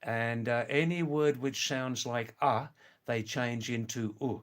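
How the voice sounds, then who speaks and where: An older man from England, hosting a live stream, chatting casually with viewers in a slow, rambling way full of hesitant fillers. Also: mid-range voice, fairly even intonation. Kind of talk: casual live chat reading viewer comments.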